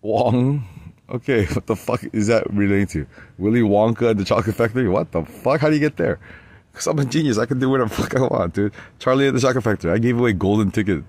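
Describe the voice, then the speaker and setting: Sitting in a spa tub, a foul-mouthed vlogger in his forties keeps up a rambling monologue, laughing a lot as he bounces from subject to subject. His medium-pitched voice has a darkish tone and a quick pace. There's no echo in the recording.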